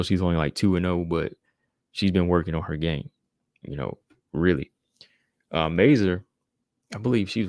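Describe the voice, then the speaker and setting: A man's voice: sits low, gravelly, a little mellow, dry recording, clean studio sound. A man hosting a podcast, giving a laid-back casual recap of fights and often filling his talk with "man" and "you know". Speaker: podcast host.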